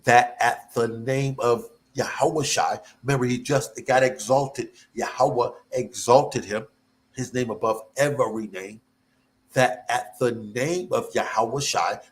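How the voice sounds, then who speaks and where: A man preaching a sermon, fervent and repetitive, breaking into sudden high whoops. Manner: slow and drawn out.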